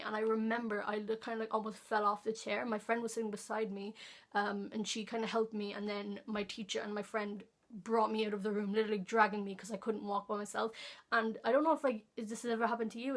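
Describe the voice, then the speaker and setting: A teenage girl, rambling through a casual storytime vlog with many fillers and restarts. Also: on the high side. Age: teens. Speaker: vlogger.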